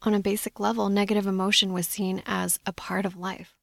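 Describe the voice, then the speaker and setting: A woman hosting a solo podcast, talking in a measured, reflective coaching tone. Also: medium pitch, little pitch movement, gravelly, dry recording, studio quality. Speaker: podcast host.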